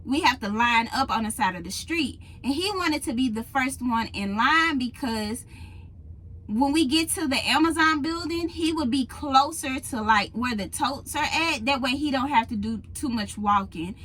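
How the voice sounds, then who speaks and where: A woman vlogger telling a story to her viewers in a casual, animated, emphatic way, recorded on a phone in a truck cab. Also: high-pitched, moderate pace, rough recording. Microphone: phone in a holder.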